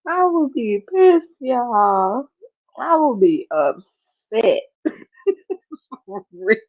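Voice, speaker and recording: Woman vlogger just chatting away, laughs a lot, kinda high voice, slow easy talk, sounds thin like a phone mic. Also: no room sound. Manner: chatty and expressive, laughs often. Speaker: reaction vlogger. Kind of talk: casual chat reacting to clips. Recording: tinny, phone-like dry sound.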